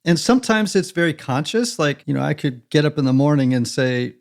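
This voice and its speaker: Man, podcast guest, gravelly voice, fairly high pitch, earnest and reflective. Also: expressive, fairly quick, few pauses. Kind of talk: conversational interview.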